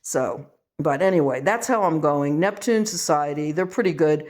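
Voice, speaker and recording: An older woman from the western United States talks through a casual home vlog, reading aloud and drifting into rambling asides. She pokes fun at herself as she goes, and her voice sits on the low side. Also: lively intonation, a little mellow. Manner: rambling and self-mocking, with quick laughs. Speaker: vlogger.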